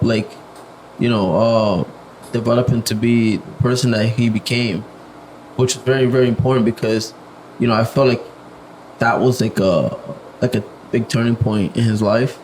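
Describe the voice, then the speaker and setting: A reserved young man speaking softly as a podcast guest, in casual chat with lots of fillers. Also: mid-range voice, slight background noise, poor audio. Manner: soft-spoken, reserved, many fillers. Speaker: podcast guest, music producer.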